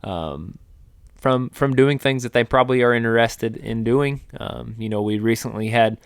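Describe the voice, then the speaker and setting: A middle-aged man talks through an outdoors topic on a podcast. His pitch sits in a middle range, and he explains at length with plenty of restarts and fillers. The recording is dry and close. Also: normal speed, gravelly, clean tone, no room sound. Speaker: podcast co-host, wildlife biologist. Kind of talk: casual podcast chat.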